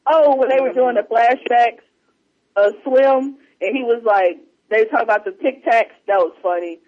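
A man chatting casually as a co-host, retelling favorite movie scenes in an animated way. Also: very high voice, moderate pace. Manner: animated storyteller, quotes lines in put-on voices. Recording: muffled lo-fi audio.

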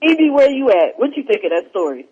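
A man hosting an online radio show, telling a story in casual, animated, profane chat. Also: very high voice, fast, breathy edge. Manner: animated, profane, laughs while telling stories. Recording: dull lo-fi online radio stream.

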